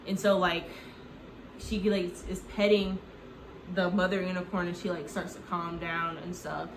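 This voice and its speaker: A woman's voice: on the low side, little pitch movement, normal speed, slight background noise. A woman retelling a film in a loose, rambling, comedic way, packed with "like" and the odd swear word. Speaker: movie recap host. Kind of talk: casual comedic movie retelling. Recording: echoey room.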